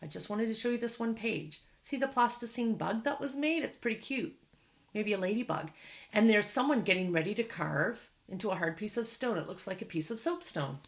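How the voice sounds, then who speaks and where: A woman reading a picture book aloud to children, teaching syllables slowly and clearly, stretching out words to clap them. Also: mid-range voice, animated, echoey room. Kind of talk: read-aloud lesson for children.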